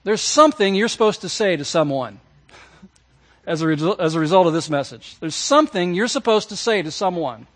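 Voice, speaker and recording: High-voiced male pastor preaching earnestly. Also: expressive, fairly quick, fairly bright tone. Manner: earnest preaching with repeated phrases; addresses the congregation directly. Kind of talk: sermon. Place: church service.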